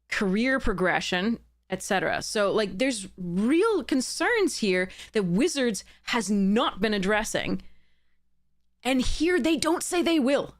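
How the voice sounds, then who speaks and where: A woman streamer reading a letter aloud and picking it apart in casual, heated commentary, sarcastic and swearing at times. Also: medium pitch.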